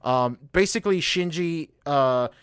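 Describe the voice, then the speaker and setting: A man co-hosting a casual podcast, rambling with lots of fillers and swearing, his voice jumping up when he gets excited. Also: a little slow, smooth, dry recording, studio quality. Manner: excitable, voice jumps high when reenacting reactions. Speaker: podcast co-host.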